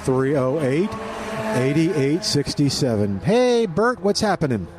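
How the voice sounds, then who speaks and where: A man hosting a radio call-in garden show, brisk and friendly as he moves calls along. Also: on the high side, big pitch swings, darkish tone, slight background noise. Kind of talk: casual call-in radio chat.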